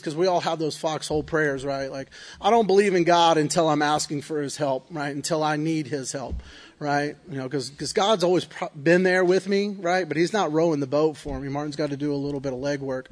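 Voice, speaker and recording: Man, earnest confessional testimony, fairly high voice, keeps checking in with the listener. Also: fairly quick. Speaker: recovery speaker. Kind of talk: personal testimony talk.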